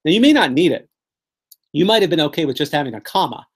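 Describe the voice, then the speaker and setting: A man teaching a room full of people, his pitch swinging up and down as he spins colorful little scenes. His delivery is playful and animated, like a presenter who enjoys painting pictures with words. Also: fast talker, breathy edge. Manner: animated, playful storytelling with vivid imagery. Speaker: presenter teaching memory techniques. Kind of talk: live workshop teaching.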